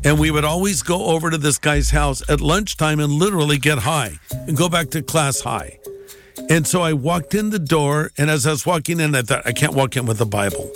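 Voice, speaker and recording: A pastor telling his personal testimony in an animated way, acting out the dialogue. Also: fairly high pitch, moderate pace, soft background music.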